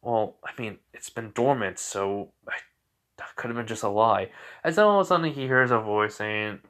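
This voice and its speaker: Drowsy after just waking from a nap, a man improvises a piece of fan fiction in a loose, rambling way, his tone a bit bright. Fillers and restarts are everywhere, and his pitch jumps quickly whenever he voices dialogue.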